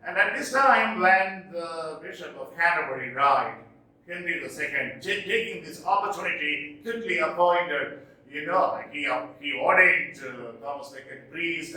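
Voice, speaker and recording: A man teaching English literature in a classroom lecture, explaining points slowly and repeating what matters for the exam. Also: medium pitch, bright, forceful tone. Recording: echoey room, voice from a distance.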